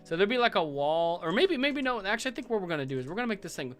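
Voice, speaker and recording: A man's voice: high voice, racing, soft background music. Laid-back man thinking aloud on stream. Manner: relaxed, thinks aloud with fillers and chuckles. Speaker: livestream host building a game world. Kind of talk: casual livestream commentary while working.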